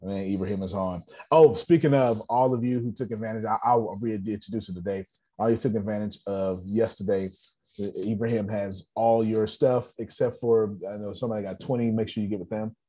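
A man with a lowish, mellow voice speaks fairly quickly in a steady tone. He's coaching an online business meeting, blunt and joking, repeating his phrases with a preacher's rhythm in an animated motivational talk.

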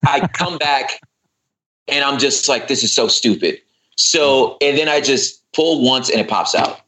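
A man chatting as a podcast guest, telling a story in an animated way and acting out his own exasperated asides. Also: mid-range voice, measured pace, poor audio. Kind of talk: casual chat.

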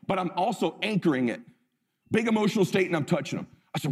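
A man's voice: a little high, expressive, fast, long reverb tail. A middle-aged man giving a motivational talk. He tells the story intensely and emphatically, and he swears freely. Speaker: motivational speaker.

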